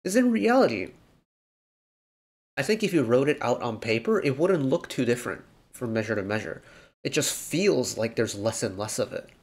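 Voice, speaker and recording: A man's voice: medium pitch, animated, normal speed. A man hosting a music reaction video, talking through the song in an analytical, rambling way with lots of fillers. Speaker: K-pop reaction host. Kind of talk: casual reaction commentary.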